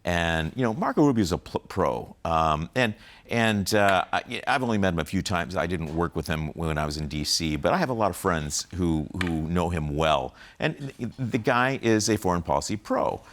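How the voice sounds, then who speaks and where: A man's voice: low-pitched, animated, moderate pace, a bit bright. A man giving political commentary as a guest on a video call, rambling and full of fillers and restarts. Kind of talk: casual interview commentary.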